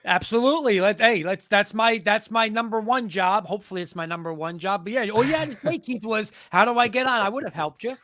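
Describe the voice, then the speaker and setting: A man appearing as a guest on a fan sports stream, hyped and energetic, rallying everyone to cheer. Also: sits high, brisk, few pauses, no room sound. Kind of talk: casual live-stream sports chat.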